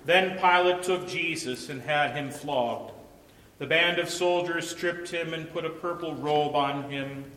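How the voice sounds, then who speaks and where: A man narrating a scripture passage in a measured, solemn liturgical reading. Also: a little high, background noise. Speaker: scripture reader. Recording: reverberant church.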